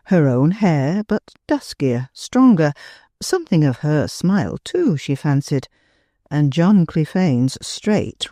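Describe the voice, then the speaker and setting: A woman narrating a classic novel as an audiobook reader, expressive and unhurried. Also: sits low, no echo, clean studio sound. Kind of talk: scripted literary narration.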